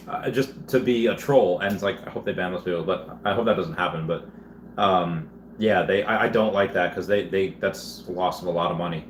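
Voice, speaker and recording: A man's voice: low voice, steady tone, brisk. A man hosting a casual livestream, reading viewer chats aloud and rambling in a chatty way with frequent restarts. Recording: echoey room with faint background noise.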